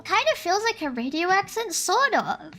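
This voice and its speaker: A woman with a bright, high voice, talking casually to her stream viewers. She rambles, giggles and thinks out loud as she goes. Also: big pitch swings, moderate pace, soft background music.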